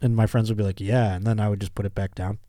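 A man's voice: fairly low pitch, little pitch movement, racing, dark tone, no room sound, studio quality. A man hosting a comedy podcast, reading a news story aloud and riffing on it with jokes and laughter. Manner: joking, riffs on the article, laughs often. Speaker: podcast host.

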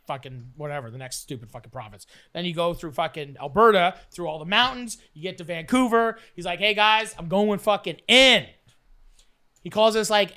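Bright-voiced man telling a wild story. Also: sits high, clean tone. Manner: profane, animated storytelling with acted-out quotes. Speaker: storyteller guest. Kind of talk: casual storytelling while playing cards.

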